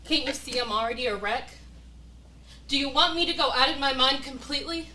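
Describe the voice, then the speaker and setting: A woman's voice: high voice, fairly quick, bright, forceful tone, echoey room, far from the mic, slight background noise, low-quality recording. A woman acting a stage monologue as a desperate young woman torn over a cruel dying man, speaking in an anguished, pleading way. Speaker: acting student. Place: acting studio room.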